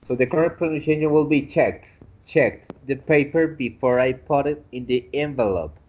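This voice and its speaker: A man's voice: medium pitch, a little fast, dull audio. A man teaching an online English class, patiently correcting pronunciation with frequent hesitations.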